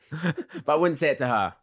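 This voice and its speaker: A young man with an English accent, chatting casually as an interview guest, relaxed and quick to laugh with lots of fillers. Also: on the high side, no echo, studio quality. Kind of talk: casual chat.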